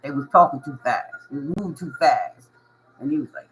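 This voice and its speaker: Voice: medium pitch, brisk, a bit bright, slight background noise, poor audio. A tarot reader giving a casual reading to viewers, slangy and reassuring, often repeating phrases and laughing. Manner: reassuring, coaching tone.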